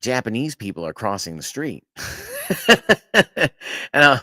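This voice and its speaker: In an unhurried, lowish voice, a man hosting a podcast works through a long, casual story, cursing, restarting his sentences, and breaking into laughter along the way. His animated telling is recorded cleanly in the studio with no echo.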